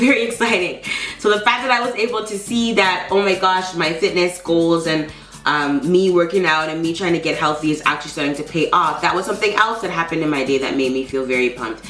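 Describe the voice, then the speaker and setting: A woman vlogging to her channel, telling the story of her day in a lively, animated way, with sarcastic asides and a pep talk to herself. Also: low-pitched. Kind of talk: casual vlog monologue. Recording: roomy echo with faint background music.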